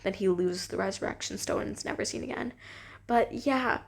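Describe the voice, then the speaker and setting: A woman's voice: mid-range voice, brisk, gravelly, husky. A young woman vlogging, gushing and rambling with many fillers as she ranks her favorite books. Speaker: book vlogger. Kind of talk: casual enthusiastic book ranking.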